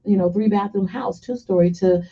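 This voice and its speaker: A woman's voice: mid-range voice, a little fast, warm tone, slightly rough. A woman speaking as a guest, telling her story in an emphatic motivational style and repeating phrases for effect. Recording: slightly muffled radio broadcast.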